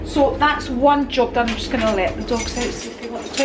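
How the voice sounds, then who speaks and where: A woman's voice: on the high side, fairly even intonation, brisk, noisy background. A woman in her fifties chatting casually to camera at home, in a rambling, homely way. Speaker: lifestyle vlogger.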